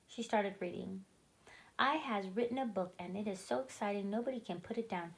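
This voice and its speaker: A woman reads a children's chapter book aloud, lively and expressive as she carries the story along. Her voice sits at a middling pitch for a woman. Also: brisk, creaky, low-quality recording. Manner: expressive, animated read-aloud.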